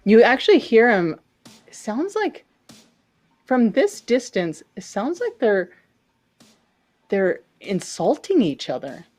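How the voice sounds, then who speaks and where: A woman's voice: on the high side, sing-song, slow pace, pauses often, a little mellow, soft background music. A woman narrating a tabletop game as game master, loose and filler-heavy.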